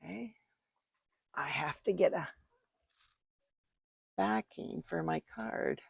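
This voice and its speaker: Gravelly-voiced older woman crafting. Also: fairly low pitch, slow, no echo, clean studio sound. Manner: chatty, thinking aloud while working. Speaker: card-making crafter. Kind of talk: casual crafting tutorial. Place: home craft room. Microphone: desk microphone.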